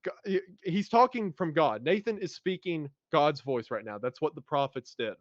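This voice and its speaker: A fervent, emotional man hosts a casual podcast, pitched a bit high and often reading scripture aloud with feeling. The sound is dry and close, yet dull and lo-fi. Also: animated, normal speed, dry recording. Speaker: podcast host.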